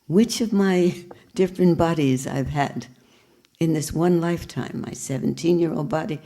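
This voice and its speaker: Older woman giving a low, mellow spiritual talk. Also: moderate pace. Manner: reflective, questioning, gently humorous. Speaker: spiritual teacher.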